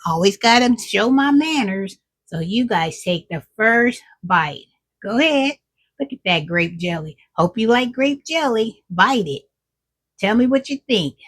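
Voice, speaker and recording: A middle-aged woman runs her own cooking vlog, tasting her food as she chats casually with viewers. Her voice is fairly high and husky with a touch of brightness, and her lively intonation moves at a slightly slow pace.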